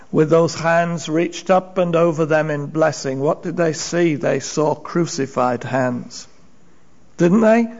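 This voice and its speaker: A man with a fairly high voice preaches, retelling Bible stories with strong emphasis and acted-out voices that rise and fall. The recording's high frequencies are cut off.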